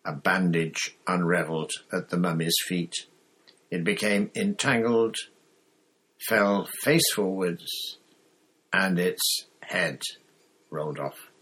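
Deep husky guy slowly reading a story out loud. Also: poor audio. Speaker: audiobook narrator.

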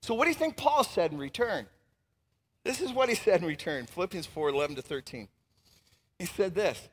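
A man preaching a sermon as pastor, animated and emphatic, swinging between loud outbursts and hushed asides. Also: sits high, brisk, long pauses, breathy edge, in a large hall.

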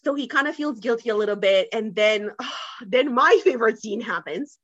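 A woman with a fairly high voice co-hosts a podcast, retelling a story in excited, gushing casual chat. The sound is dull and lo-fi, with a dry, close feel and no room around it. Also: moderate pace, no echo. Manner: gushing, enthusiastic, laughs while retelling. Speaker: podcast co-host.

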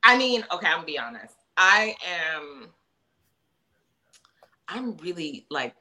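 A woman's voice: fairly low pitch, very animated, unhurried, pushed and bright, poor audio. A woman guest actress in a casual interview, chatty and self-deprecating, full of fillers and quoted asides.

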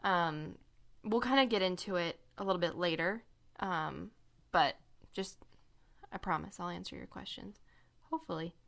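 A woman's voice: on the low side, normal speed, gravelly, fairly bright tone. A young woman hosting a casual podcast chat, explaining a conspiracy story with lots of fillers and laughs. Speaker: podcast co-host.

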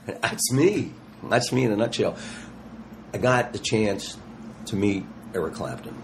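A man in his sixties, a touring rock musician, telling stories in a casual interview and acting out the quotes in a slangy, animated way. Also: lowish voice, a little slow, slight background noise. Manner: animated, slangy storyteller who acts out quotes.

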